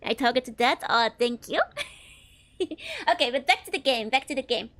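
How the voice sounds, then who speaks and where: High, giggly streamer woman. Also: animated, moderate pace, fairly bright tone. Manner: giggly, rambling with many fillers. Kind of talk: casual gameplay chat.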